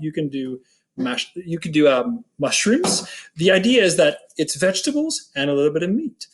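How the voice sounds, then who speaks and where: A school choir director shows how to make a recipe in a kitchen, joking around in a casual cooking demo and hamming up a mock British accent. His voice is slightly high and sing-song, and he speaks at a normal speed.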